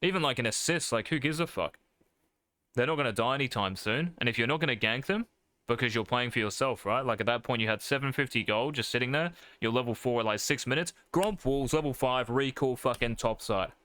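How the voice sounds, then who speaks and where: A man's voice: mid-range voice, brisk, sharp tone, no room sound. A man coaching a player over a live stream, blunt and profane, calling his student mate. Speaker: game coach.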